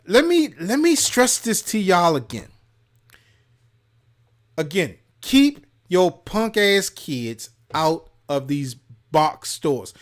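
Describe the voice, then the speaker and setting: A man from Maryland, co-hosting a gaming show, telling a profane story in casual chat and shouting out the lines he quotes. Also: high voice. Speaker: podcast co-host.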